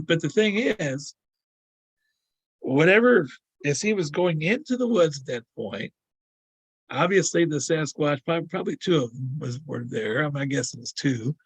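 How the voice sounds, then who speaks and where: Older guy rambling through a story, gravelly husky voice, keeps repeating himself, does the voices of the people he quotes. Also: medium pitch, a bit bright, no echo. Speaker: guest sharing encounter stories. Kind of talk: casual storytelling.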